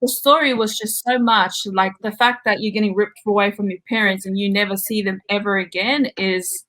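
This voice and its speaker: A woman talks as a guest on a relaxed podcast. She is candid and laughs a lot. Her voice sits in a middle pitch range for a woman. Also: moderate pace, rough recording. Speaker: podcast guest, book reviewer. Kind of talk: casual podcast chat.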